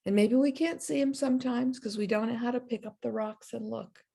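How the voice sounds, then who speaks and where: A woman minister giving a sermon, telling a story and then leading a slow, meditative prayer. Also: a little high, fairly even intonation, vocal fry, mellow, slightly rough.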